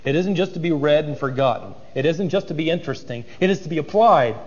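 A man's voice: fairly high pitch, lively intonation, fast, in a large hall, muffled recording. A man preaching an expository sermon, dramatic and acting out the voices of biblical figures.

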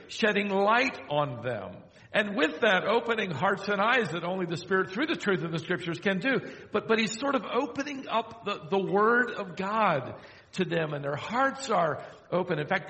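An older man preaching a sermon, telling a story and slowing down to quote scripture. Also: high-pitched, sharp tone. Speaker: pastor. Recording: echoey hall.

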